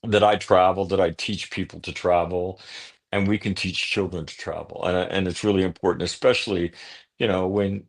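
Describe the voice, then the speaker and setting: Deep-voiced earnest man telling a story. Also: creaky. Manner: earnest, punctuates thoughts with "right?"; blunt at times. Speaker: author guest. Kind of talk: personal storytelling on a talk show.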